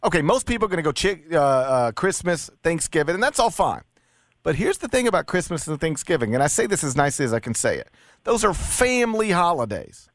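Animated, lively radio host, dry sound. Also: male voice, a little high, brisk, dry recording. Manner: animated, argues his case with stammered restarts. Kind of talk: casual talk radio banter.

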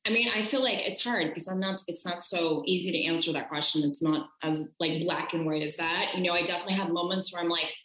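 A woman's voice: fairly low pitch, quick pace, few pauses, a bit bright. American woman chatting in an echoey room. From United States. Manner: chatty, frequent fillers and restarts. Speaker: podcast guest. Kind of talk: casual conversation.

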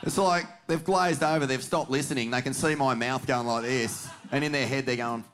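Swearing, joking Australian host. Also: male voice, mid-range voice, fairly even intonation, normal speed, fairly bright tone, a little hiss or hum. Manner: blokey, swears freely, joking. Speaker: podcast host. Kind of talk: casual podcast chat.

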